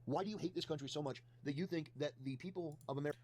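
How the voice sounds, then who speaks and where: A man's voice: a little high, racing, darkish tone. A man delivering an indignant, accusatory rant in video commentary.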